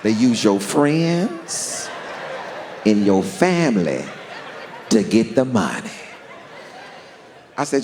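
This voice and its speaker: A man telling a long story on stage as a stand-up comedian, drawling and animated, with deadpan punchlines. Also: fairly low pitch, slow, long pauses, slight background noise. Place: large theater stage. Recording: long hall reverb, faint crowd ambience.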